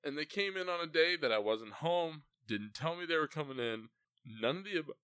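A man's voice: fairly high pitch, lively intonation, normal speed, pushed and bright, clean tone, dry recording. A young man co-hosting a podcast, ranting and joking with lots of swearing in casual chat. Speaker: podcast co-host.

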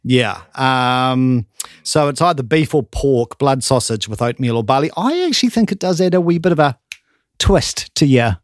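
A man's voice: mid-range voice, animated, normal speed, dry recording, clean studio sound. A New man chatting casually as a co-host, laughing often. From New Zealand. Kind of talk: casual chat.

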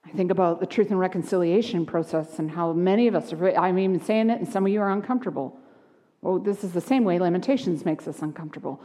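A woman pastor preaching a sermon, moving between hushed, quiet lines and lively, animated ones. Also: on the low side, fairly quick, long reverb tail. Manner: expressive, shifts from hushed to lively. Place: church sanctuary.

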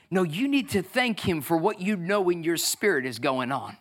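A man in his thirties preaching a lively sermon as pastor, acting out voices and swinging from loud bursts to soft, tearful moments. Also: high voice, moderate pace, few pauses. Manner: energetic, acts out voices, swings from shouting to near tears.

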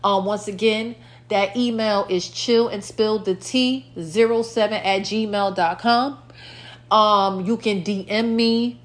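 A woman's voice: medium pitch, fairly even intonation, slow pace. A woman hosting her own podcast in a rambling, casual solo chat, with lots of fillers and repeated lines, her mouth a little dry. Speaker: podcast host.

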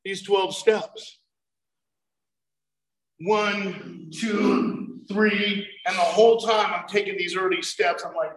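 A man with a very high, bright, forceful voice shares his own recovery story. He speaks emphatically, building to loud bursts as he tells his tale. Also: steady tone, a little slow, rough recording. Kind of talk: personal recovery talk.

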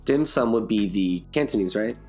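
A man's voice: on the low side, lively intonation, normal speed, a little mellow, faint music behind. A man co-hosting a podcast over a call, chatting in a playful, self-mocking, joking way. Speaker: podcast co-host. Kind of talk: casual chat.

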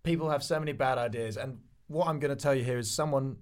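A man co-hosting a casual pitch show, joking and reading notes aloud. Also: quick pace. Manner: jokey, reads notes aloud, laughs often. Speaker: co-host. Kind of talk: casual panel chat.

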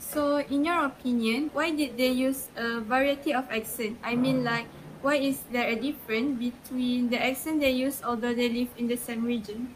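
A woman's voice: on the high side, steady tone, normal speed, a little hiss or hum, low-quality recording. A young woman co-hosting a podcast, asking the guest questions and rephrasing them as she goes. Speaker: podcast co-host.

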